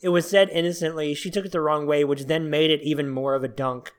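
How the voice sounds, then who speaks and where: A podcast host chats easily with a guest, laughing along and tossing in playful mock quotes. The voice sits at a middle pitch. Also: steady tone, quick pace. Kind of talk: casual chat.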